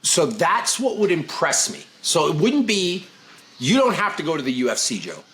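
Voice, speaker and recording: Blunt, lively-voiced man hosting a podcast. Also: fairly high pitch, moderate pace. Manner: blunt, emphatic, lecturing. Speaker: podcast host. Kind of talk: casual podcast chat.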